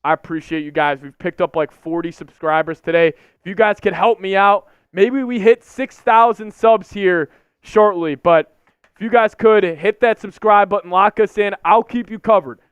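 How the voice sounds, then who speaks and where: A young man with a high, smooth voice rants on a live stream, repeating his complaints in frustration. The sound is dry and a little dull, like lo-fi stream audio with faint music behind him. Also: moderate pace, no room sound. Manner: frustrated, repetitive ranting.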